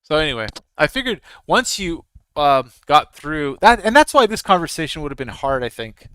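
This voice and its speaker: A man's voice: on the high side, big pitch swings, moderate pace, a bit bright, clean tone, no room sound, poor audio. A man giving casual, rambling live commentary while trading futures, talking straight to his viewers. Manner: rambling, conversational, frequent restarts. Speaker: futures trader streaming live.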